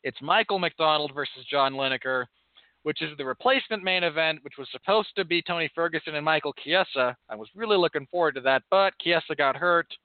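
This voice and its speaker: A man co-hosting a podcast with a dry, exacting delivery, sounding like he is on a tinny, phone-like line. His voice sits a little high for a man and comes through smooth and clear. There is hardly any room sound around him. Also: a little fast, no room sound. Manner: precise, dry, pedantic corrections. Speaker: podcast co-host and MMA commentator. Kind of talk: casual podcast banter.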